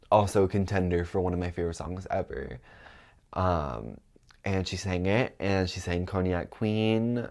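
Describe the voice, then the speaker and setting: Low-voiced young man, chatty and rambling. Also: darkish tone. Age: young adult. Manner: chatty, rambling, many ums and likes. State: stuffed up. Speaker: vlogger. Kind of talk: casual chat.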